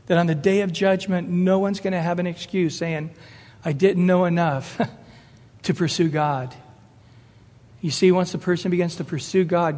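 A man's voice: high voice, a little mellow, in a large hall. A man preaching a sermon emphatically, rising and falling as he acts out the voices he quotes. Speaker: pastor.

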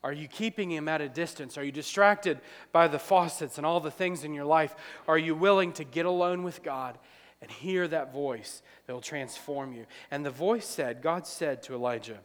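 A man preaching a sermon, acting out dialogue, swinging from loud to quiet. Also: on the high side, normal speed. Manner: preaching, acts out dialogue, rises loud then drops quiet. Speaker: pastor. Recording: long hall reverb.

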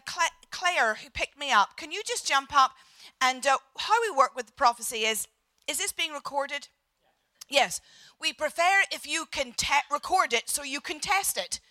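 A high, bright-voiced Irish woman preaching to a congregation. She talks in a lively, jokey way straight to the people in front of her, and her voice sounds close and dry. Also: no echo. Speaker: visiting prophet preacher. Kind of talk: sermon. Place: church hall.

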